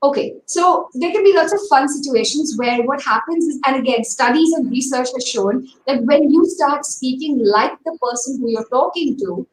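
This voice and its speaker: A chatty, emphatic woman with a high voice coaches an online audience on speaking. She talks over a video call from an echoey room with a faint hum of ambience behind her. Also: moderate pace, hardly any pauses. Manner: chatty and emphatic, with frequent asides. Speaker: webinar speaker on public speaking. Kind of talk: informal webinar talk, mixing English and Hindi.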